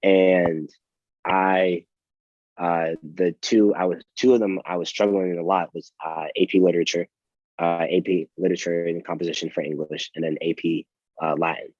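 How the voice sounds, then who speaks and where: A young man with a very low voice tells a story in a casual interview, rambling and restarting his sentences with plenty of fillers. The sound is dry and a little dull, with no room echo. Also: little pitch movement, moderate pace. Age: young adult. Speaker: college athlete guest.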